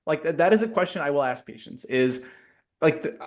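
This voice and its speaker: A man who works as a pharmacist, co-hosting a podcast in casual chat, animated and quick to laugh. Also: fairly high pitch.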